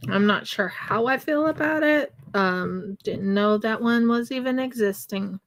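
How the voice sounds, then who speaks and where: A woman's voice: fairly high pitch, measured pace, a little hiss or hum. A woman chatting casually and rambling on a live stream while she crafts. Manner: chatty and rambling, with laughs and fillers.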